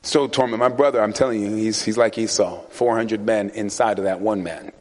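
A man's voice: lowish voice, fairly even intonation, fairly quick, darkish tone. A man preaching a sermon in a conversational, storytelling way, chuckling often. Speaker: pastor.

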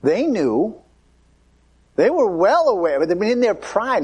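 A man's voice: high voice, sing-song, slow pace, a little mellow, slightly rough. A man preaching a conversational sermon, acting out the voices of Bible figures.

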